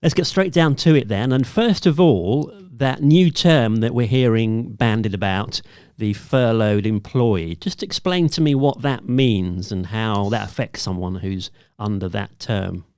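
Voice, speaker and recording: A man hosting a local radio show, introducing a guest and asking questions in a brisk, scripted way. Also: fairly low pitch, expressive, darkish tone, clean tone, dry recording.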